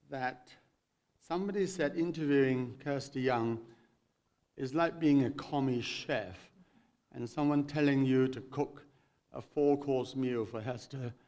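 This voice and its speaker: A man hosting a stage interview, halting often with ums and restarts as he poses questions. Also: medium pitch, a little mellow. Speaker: interviewer, event host.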